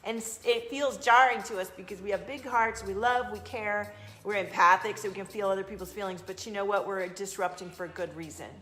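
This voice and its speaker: A woman with a slight Southern twang hosts a casual live stream as an intuitive card reader, chatting effusively toward her phone camera with sudden bursts of emphasis. Her mid-range voice is steady and fairly bright, and she talks briskly with hardly any pauses.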